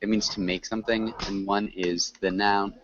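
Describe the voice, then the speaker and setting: A man teaching an online English class, correcting students patiently and clearly. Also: on the low side, flat delivery, moderate pace, a bit bright. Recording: muffled lo-fi call audio with faint hiss.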